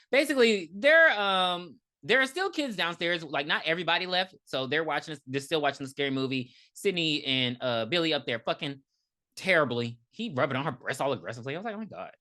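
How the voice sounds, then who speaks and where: A woman with a low, deep speaking voice recaps a film for a podcast. She talks casually, swears freely, and acts out the characters' lines with a laugh in her storytelling. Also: moderate pace. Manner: animated, profane, laughing storyteller. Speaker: podcast co-host. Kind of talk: casual movie recap chat.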